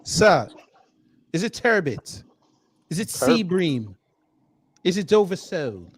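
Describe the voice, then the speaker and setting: A man doing a pompous, mock-posh British gentleman in comedic banter, clipping "sir" onto nearly every line. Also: sits high, sing-song, measured pace, breathy edge, no room sound, exaggerated voice. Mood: haughty.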